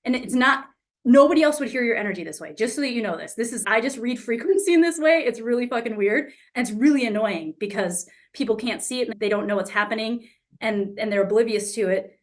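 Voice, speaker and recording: A woman's voice: on the high side, fast talker. A woman coach giving a casual teaching talk to an online group. She speaks frankly, swears freely and acts out the exchanges she describes. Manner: lively, acts out quoted exchanges.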